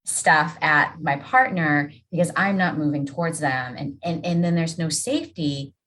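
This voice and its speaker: Woman podcast host, very low voice, reflective, feels her way through ideas. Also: animated, normal speed, fairly bright tone, slight background noise, low-quality recording. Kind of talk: podcast conversation.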